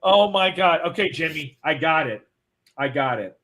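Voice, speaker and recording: Slightly high-voiced guy guesting on a morning stream, teasing, laughing a lot. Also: expressive, normal speed, fairly bright tone. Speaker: guest on a morning live show. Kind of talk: casual live-stream chat.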